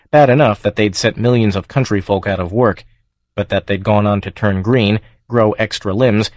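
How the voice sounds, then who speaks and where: Male audiobook narrator, steady even read, dry studio sound. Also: on the low side, no room sound. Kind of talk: scripted narration.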